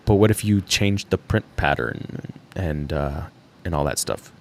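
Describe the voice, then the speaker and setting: A young man with a fairly low voice hosts a casual solo livestream, musing out loud in a loose, rambling way. He fills the pauses with ums and likes and laughs now and then. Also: gravelly. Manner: rambling, thinking aloud with fillers and laughs. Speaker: livestream host.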